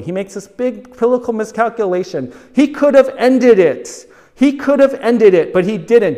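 A man's voice: sits high, expressive, normal speed, dark tone, long reverb tail. A man preaching a sermon, driving his points home with repeated phrases and rhetorical questions. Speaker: pastor.

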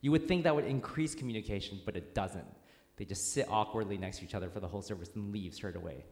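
A male pastor gives a relaxed, conversational sermon, telling stories with plenty of fillers and restarts. His voice sits fairly low. The sound carries the long, roomy reverb of a church hall. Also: quick pace. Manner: informal, storytelling with fillers and restarts. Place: church sanctuary.

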